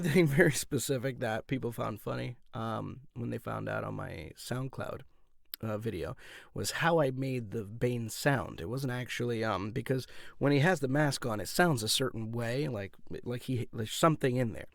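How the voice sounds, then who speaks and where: Recorded dry on studio condenser and shotgun mics in his home voice-over booth, a man who voices characters and runs a YouTube channel chats casually to camera. His mid-range voice is creaky and moderately paced, and his loose delivery is packed with fillers and false starts.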